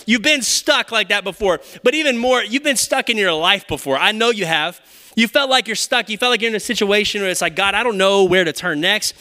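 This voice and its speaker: A man's voice: high voice, expressive, brisk, sharp tone. A young man preaching a sermon, playful, with joking asides and acted-out quotes. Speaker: pastor.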